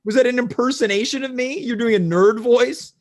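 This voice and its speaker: A man hosting a comedy talk show, asking earnest questions in a deadpan way. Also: extremely high pitch, fairly quick. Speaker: host.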